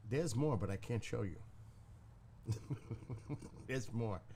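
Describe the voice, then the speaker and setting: A man's voice: on the low side, animated, slow, mellow, a little hiss or hum. A man hosting a live stream from his living room, telling a rambling story in a blunt, casual way and swearing freely. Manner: profane, blunt, talking to chat.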